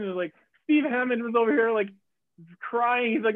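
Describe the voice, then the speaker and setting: A man telling a race story in casual chat, acting out quotes with lively jumps in his voice. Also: fairly quick, no echo. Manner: animated, acts out quotes with big pitch jumps. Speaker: guest athlete. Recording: tinny phone-like line.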